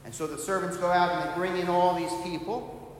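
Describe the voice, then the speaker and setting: Middle-aged priest preaching in an echoey church. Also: male voice, sits high, steady tone, fairly quick. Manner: storytelling preacher, acts out quoted voices. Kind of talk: sermon. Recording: very echoey church hall, long reverb, faint noise.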